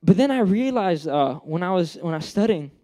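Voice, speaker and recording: A man's voice: sits high, animated, fairly quick, dark tone. A young man giving a casual, joking sermon, acting out the characters he talks about. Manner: chatty, joking, acts out characters. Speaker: preacher.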